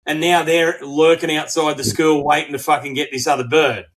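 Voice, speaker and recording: A middle-aged Australian man co-hosting a podcast, telling a story in casual chat, swearing freely and acting out quotes in animated bursts. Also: a little high, moderate pace, poor audio. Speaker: podcast co-host.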